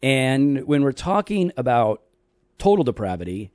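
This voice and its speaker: A man co-hosting a casual theology podcast, dry and teasing, slowing down when he explains doctrine. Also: mid-range voice, big pitch swings, darkish tone, dry recording. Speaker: podcast co-host.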